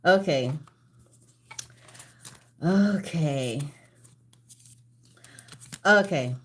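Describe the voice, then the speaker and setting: A woman hosting a casual live-stream trivia game, chatty and laughing, out of breath, reading each question slowly and stepping away from her mic at times. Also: low-pitched, animated, a little hiss or hum. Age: older. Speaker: livestream trivia host.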